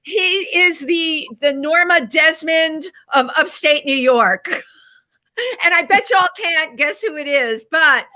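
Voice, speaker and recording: A woman's voice: sits high, slow pace, bright, forceful tone. A middle-aged woman co-hosting a casual chat show, gushing and laughing often as she talks with her guest. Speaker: co-host.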